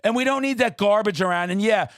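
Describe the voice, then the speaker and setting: A man hosting a podcast interview, talking in a loud, profane, fired-up way with shouted bursts. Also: high voice, fast talker, dry recording, studio quality. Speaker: podcast host. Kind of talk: casual interview chat.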